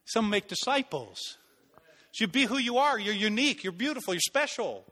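A man preaching a sermon, telling stories in an animated way and acting out voices. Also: high voice, moderate pace, long reverb tail. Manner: animated, acts out voices and laughs at own stories. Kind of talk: sermon with storytelling.

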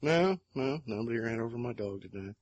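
A man's voice: mid-range voice, expressive, a little fast, darkish tone, lo-fi sound, a little hiss or hum. An American man hosting a casual podcast, joking crudely and laughing easily. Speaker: podcast host.

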